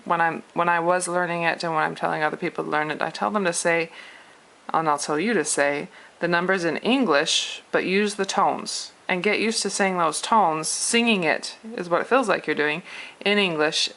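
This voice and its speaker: Woman language tutor, young adult, casual lesson, slightly low voice, gravelly fry. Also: fairly bright tone. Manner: patient, demonstrates tones by counting aloud. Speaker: Mandarin tutor.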